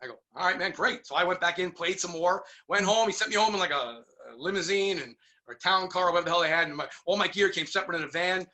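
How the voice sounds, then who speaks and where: A middle-aged man from New York telling stories in a casual interview, animated and acting out the voices of people he quotes. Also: high-pitched, fast, hardly any pauses. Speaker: guest musician.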